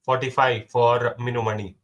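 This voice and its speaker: A young man runs a casual mock auction. He keeps repeating the latest bid and calls on each side by name. He counts down briskly before every sale, at a middle pitch for a man. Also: flat delivery, a bit bright, lo-fi sound.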